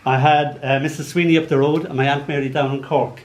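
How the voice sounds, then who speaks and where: Briskly and in a slightly high voice, an Irish poet in his sixties tells playful stories between his poems, punctuated by animated comic asides. The live audience sits in an arts venue hall, and the roomy recording holds faint background noise.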